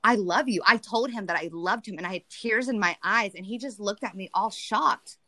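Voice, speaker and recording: A woman's voice: mid-range voice, moderate pace, bright, forceful tone. Woman sharing feelings in casual chat. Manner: emotional, rambling, many restarts.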